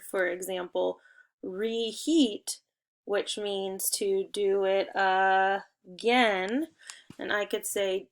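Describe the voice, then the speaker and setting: A young woman teaching an online spelling lesson to second graders, upbeat and encouraging, giving clear step-by-step instructions. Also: mid-range voice.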